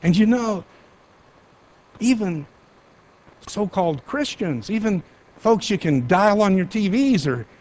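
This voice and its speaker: A middle-aged man preaching a sermon as a pastor, emphatic, slowing down and speeding up to stress his points. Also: high voice, expressive, darkish tone. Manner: emphatic, varies pace for emphasis.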